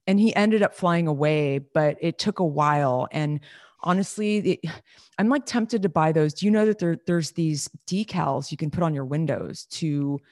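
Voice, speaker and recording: Low-voiced woman in casual chat. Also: normal speed, a little mellow, dry recording, clean studio sound. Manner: talkative, lots of "like" fillers, sympathetic.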